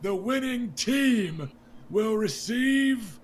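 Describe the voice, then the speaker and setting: A man voicing a boisterous, generous king who bellows slow proclamations to a crowd. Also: sits high, lively intonation, slight background noise, voice pushed up, exaggerated voice. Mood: bellowing. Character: booming jovial bearded king, boisterous and generous.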